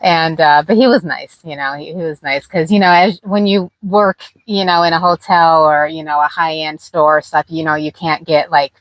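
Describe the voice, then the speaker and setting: A middle-aged woman chats through her stories in a fairly low voice, full of fillers and easy laughter. The sound is dry and close, with no room around it. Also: fairly even intonation, moderate pace, hardly any pauses, dry recording, highs cut off. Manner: chatty, laughing, many fillers. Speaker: host. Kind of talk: casual storytelling chat.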